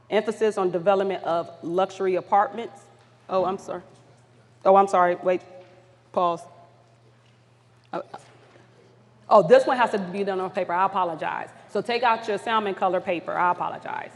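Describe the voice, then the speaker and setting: A woman facilitator leading an audience through polling questions at a community summit, upbeat and encouraging. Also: medium pitch. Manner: upbeat, encouraging, apologetic when flustered. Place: large conference hall. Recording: long hall reverb.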